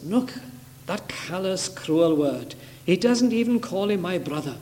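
High-pitched preacher guy hammering his points again and again, big churchy echo. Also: big pitch swings, a little slow, a little mellow. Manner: emphatic, repeating key phrases with rising force. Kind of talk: sermon. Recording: reverberant hall with faint noise.

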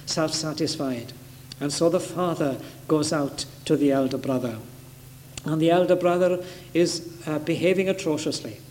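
A man's voice: sits high, darkish tone. A man preaching a sermon with emphatic, repeated phrases that build in force. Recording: reverberant hall with faint noise.

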